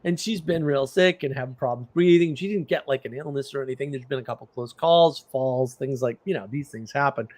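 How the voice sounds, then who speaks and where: Fairly quick and with few pauses, this middle-aged man's mid-range voice carries a livestream full of casual chat. He rambles through animated stories, laughing in bursts along the way.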